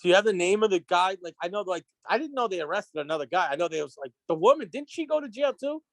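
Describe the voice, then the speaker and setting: A man as a podcast guest, telling stories in an excitable, rambling way, full of restarts and acted-out quotes. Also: high-pitched, fast talker, no echo. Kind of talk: casual storytelling chat. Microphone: podcast microphone.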